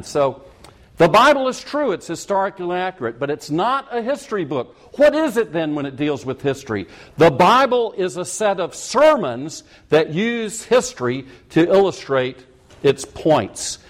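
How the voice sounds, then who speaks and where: Male pastor, higher register, teaching sermon; drives points home by repetition. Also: very animated, normal speed. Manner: emphatic, repeats key points; corrects himself mid-sentence. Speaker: preacher. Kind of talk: expository sermon.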